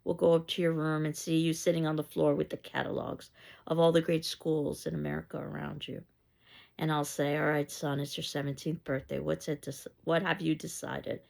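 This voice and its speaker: A woman's voice: sits low, level tone, moderate pace, gravelly, a little mellow. A woman reading as a father dreaming aloud. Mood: wistful. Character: dreaming father speaking softly to his son.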